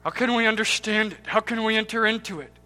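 A man preaching a sermon with impassioned swings between loud cries and hushed, near-whispered words, repeating key words for emphasis. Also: high-pitched, fast. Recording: long hall reverb with faint music.

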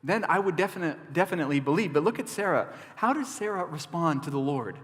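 A man preaching in an animated, emphatic way, mixing conversational asides with bold declarations. His voice sits in a middle range. A long reverb fills the sanctuary around him. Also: a little high, fast. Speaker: pastor. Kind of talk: sermon.

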